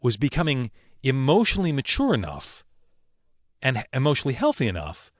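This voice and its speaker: Earnest man with a lively voice. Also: mid-range voice. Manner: earnest and emphatic, with slow, weighty pauses. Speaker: podcast guest, voice actor. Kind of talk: reflective interview storytelling.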